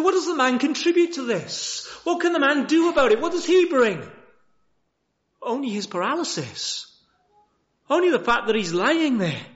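Male preacher, high animated voice, rhetorical questions, muffled lo-fi church recording. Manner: lively, many rhetorical questions, restarts. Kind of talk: sermon. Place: church chapel.

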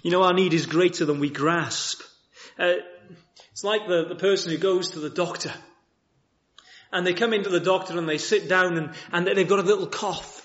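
A man preaching a sermon in a chapel, with lively rhetorical questions and frequent restarts. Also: sits high, moderate pace, lo-fi sound. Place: church chapel.

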